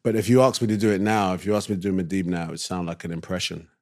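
A man's voice: sits low, steady tone, racing, no echo, clean studio sound. A man, a guest actor, telling a story in a casual chat and acting out other people's lines as he goes.

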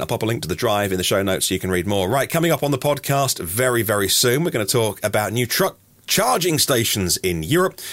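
Male news podcaster, lowish voice, dry close sound, chatty asides between stories. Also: fairly bright tone, no room sound. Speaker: podcast host. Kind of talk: daily news podcast reading.

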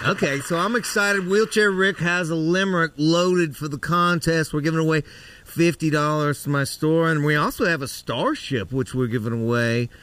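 A man's voice: a little high, normal speed, a bit bright, far from the mic, slight background noise. A man hosting a live podcast, joking and teasing his guests in crude, casual banter. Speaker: podcast host.

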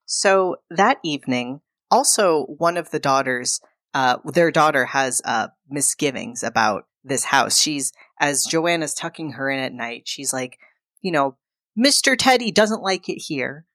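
A woman's voice: extremely low pitch, a little slow, fairly bright tone, no echo, clean studio sound. A woman co-hosting a podcast, casually recapping a film and acting out the characters' lines. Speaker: podcast co-host.

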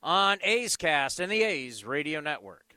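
Bright, emphatic male radio host. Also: a little slow, dry recording. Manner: emphatic, animated, drops low and soft when turning sincere. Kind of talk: sports radio talk.

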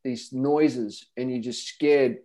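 A man's voice: mid-range voice, slow pace. A middle-aged man telling running stories in a casual podcast chat, acting out the voices of the people in them. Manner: animated storyteller, acts out voices. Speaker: podcast guest runner.

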